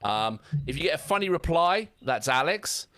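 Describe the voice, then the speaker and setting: A man with an English accent co-hosting a music reaction show, chatting and joking in a casual, animated way. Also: on the high side, moderate pace. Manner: animated, self-deprecating, chatty. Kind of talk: casual banter.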